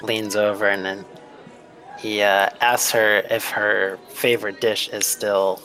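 A man describing his character's actions in a tabletop game, easygoing and low-key. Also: level tone, slow, pushed and bright, soft background music, low-quality recording. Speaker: player.

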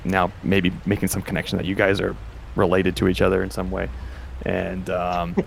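A man with a very deep, gravelly voice running a tabletop game. He describes scenes loosely and with plenty of fillers. A faint hiss sits under the voice. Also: monotone, normal speed. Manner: loose, filler-heavy narration with laughs. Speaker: game master.

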